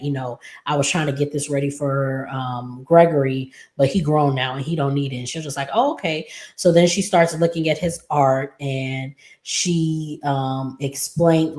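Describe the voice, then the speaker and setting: A woman with a low voice talks through an episode recap in a relaxed, rambling way. She strings scenes together with fillers and slips into quoting the characters. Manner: rambling, filler-heavy retelling with quoted lines. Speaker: recap host.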